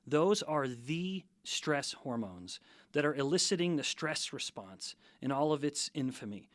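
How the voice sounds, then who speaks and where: A man's voice: fairly high pitch, very animated, dry recording, studio quality. A middle-aged man, a scientist guest, explaining things methodically in an interview. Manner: measured, lecturing, methodical.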